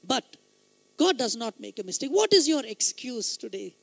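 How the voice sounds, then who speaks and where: A man with a light, high voice often taken for a woman's, preaching a sermon with emphatic storytelling that swells into loud exhortation. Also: big pitch swings, moderate pace, gravelly, no echo.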